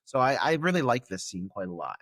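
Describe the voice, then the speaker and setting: A man co-hosts a film podcast in relaxed conversation, quick to laugh and easily excited. His voice sits at an ordinary middle pitch. The recording is close and dry. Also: no echo. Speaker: podcast co-host. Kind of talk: casual film recap chat.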